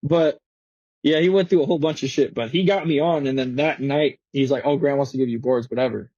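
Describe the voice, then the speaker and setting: A man's voice: medium pitch, steady tone, a little fast, warm tone, husky, dry recording, lo-fi sound. A young man in his twenties, a guest skateboarder telling stories in casual, slangy, swearing chat in a podcast studio. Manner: slangy, swearing, laughing storyteller.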